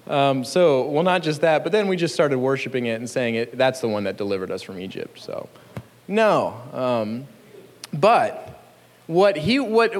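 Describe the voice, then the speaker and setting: A man's voice: medium pitch, in a large hall. A man preaching a sermon in an earnest, conversational way, chuckling now and then between points. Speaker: pastor.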